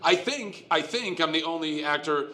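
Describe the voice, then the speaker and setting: An American man in his forties, an animated storyteller who laughs often and restarts his sentences, talking as a guest on a live convention stage. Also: fairly high pitch, normal speed. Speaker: guest actor. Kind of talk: casual stage interview.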